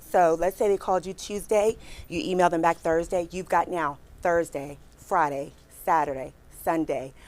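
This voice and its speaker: Woman, forties, lively storyteller, talks right to the audience, acts out her reactions, middle pitch. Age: 40s. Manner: animated, chatty, addresses the crowd directly, acts out her own reactions. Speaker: recruiter giving a career talk.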